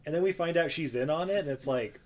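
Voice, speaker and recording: A man's voice: on the high side, fast talker. A man co-hosting a podcast, recapping a movie in a casual, rambling way with frequent laughter. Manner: chatty, laughs often, rambling asides. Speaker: podcast co-host.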